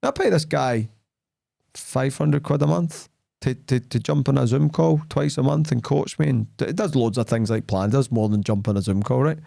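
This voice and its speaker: Gravelly, blunt-talking man podcast host. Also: medium pitch, moderate pace, dry recording, studio quality. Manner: animated storytelling, acting out quoted dialogue; blunt, plain-spoken. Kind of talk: casual podcast chat.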